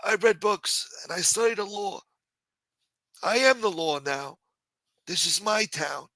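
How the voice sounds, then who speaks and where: Man putting on a high pompous councilman voice. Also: a little slow, bright, forceful tone, no room sound, full character voice, poor audio. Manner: boastful, dismissive. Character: pompous self-important male town councilman.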